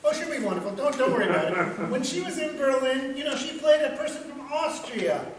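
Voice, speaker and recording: Man doing a brash know-it-all director, very high voice, breezy and pushy, echoey stage from afar. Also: sing-song, a little fast, a crowd in the background. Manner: brash, breezy, talks over others. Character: pushy, clueless New York theater director. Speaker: actor in a stage comedy. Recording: echoey stage from far off with noise.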